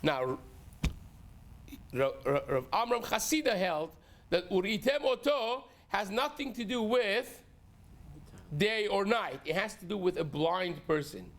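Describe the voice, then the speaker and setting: A man teaching a Talmud lesson as a rabbi, his voice pitched high. He explains each step with lively swings in tone and mixes Hebrew and Aramaic terms into the talk. Now and then he clears his throat. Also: unhurried.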